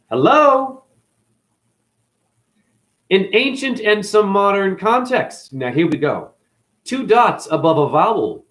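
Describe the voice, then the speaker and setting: A man hosting a rambling esoteric monologue, jumping between wordplay and sudden loud and soft swings, calling his listeners honey. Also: on the high side. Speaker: channel host.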